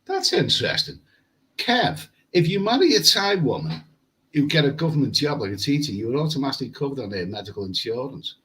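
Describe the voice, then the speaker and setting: A man's voice: mid-range voice, big pitch swings, a little fast, fairly bright tone, poor audio. A man chatting casually on a live stream from a hotel room, rambling and repeating words as he reads comments. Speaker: travel vlogger. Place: hotel room with air conditioning.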